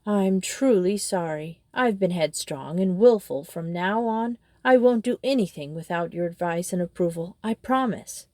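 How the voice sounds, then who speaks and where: A woman's voice: lowish voice, normal speed, hardly any pauses, darkish tone, dry recording, clean studio sound, natural voice. A woman voicing a headstrong, boastful male toad who talks in a gushing, dramatic way.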